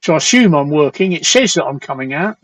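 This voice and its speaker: Blunt, rambling host, a bit hoarse. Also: male voice, on the high side, animated, quick pace, no echo, low-quality recording. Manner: rambling, blunt and crude, reads out viewer comments. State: slightly hoarse. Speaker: talk show host. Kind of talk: casual late-night live stream chat.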